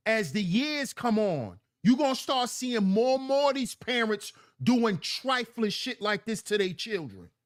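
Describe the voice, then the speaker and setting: Livestream host, high-pitched man, very animated delivery, preachy and repetitive. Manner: preachy, emphatic, repeats lines for effect. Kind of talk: livestream commentary reading chat.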